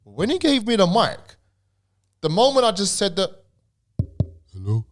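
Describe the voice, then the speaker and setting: A man's voice: sits high, animated. Man with a stammer, casual. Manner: halting, repeats words, casual slang. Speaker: podcast guest and DJ. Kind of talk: casual podcast chat.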